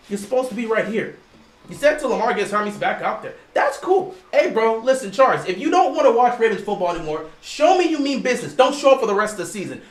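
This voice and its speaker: Animated man streaming live game commentary. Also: very high-pitched. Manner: animated, lectures the chat directly. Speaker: livestream host. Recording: roomy echo.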